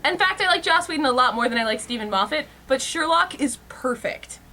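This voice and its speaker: High, bubbly woman co-host. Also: lively intonation, a little fast, pushed and bright, a little hiss or hum. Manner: bubbly, laughs a lot, pushes recommendations eagerly. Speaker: podcast co-host. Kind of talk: casual chat.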